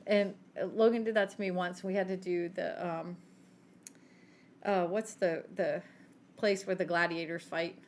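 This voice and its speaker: Animated woman telling stories. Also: lowish voice, a little slow, slight background noise. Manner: animated storyteller, laughs often. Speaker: podcast co-host. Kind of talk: casual chat.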